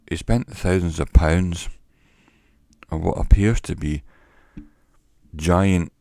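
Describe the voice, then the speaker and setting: A man, a former salesman, telling a wry story to camera in a slow, deliberate way on a cheap microphone. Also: sits low, gravelly, darkish tone, no echo, clean studio sound. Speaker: vlogger. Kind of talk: casual monologue to camera.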